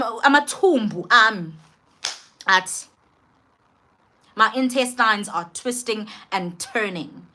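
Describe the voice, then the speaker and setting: A young woman with a South African accent tells a personal story to camera in an animated, emphatic way, switching between languages mid-sentence. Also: fairly high pitch. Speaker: vlogger. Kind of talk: storytime monologue.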